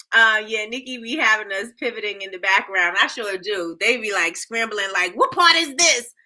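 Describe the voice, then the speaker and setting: A woman's voice: mid-range voice, fairly even intonation, normal speed, bright, forceful tone. A woman hosting a live-stream show in casual chat, reading comments aloud, laughing often.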